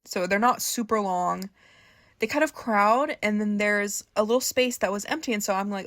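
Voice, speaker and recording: Young woman vlogger, mid-pitch, excitable and foul-mouthed, dry recording. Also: moderate pace, no echo. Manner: excitable, gushing and profane, laughing often. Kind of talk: casual storytime.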